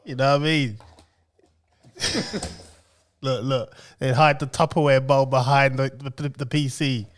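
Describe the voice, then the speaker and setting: Guy teasing his mate on a podcast, laughs loads, slow talker. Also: medium pitch, steady tone. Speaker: podcast co-host. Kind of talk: casual banter.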